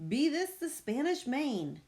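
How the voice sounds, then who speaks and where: A woman voicing a gruff, loud male pirate captain in a read-aloud picture book, with hearty, bellowing pirate talk. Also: high voice, sing-song, slow pace, voice pushed up, heavily acted.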